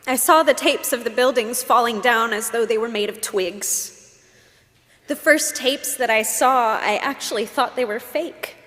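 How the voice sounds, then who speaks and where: A woman's voice: fairly high pitch, measured pace, fairly bright tone. A woman pastor giving a sermon, telling personal stories with emotion and asking reflective questions. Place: church sanctuary. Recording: long hall reverb.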